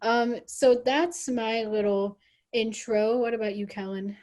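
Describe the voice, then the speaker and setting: A woman hosting a casual chat over a video call, relaxed and talkative with many fillers. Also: a little high, a little slow. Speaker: host, trombone player. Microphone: video call microphone.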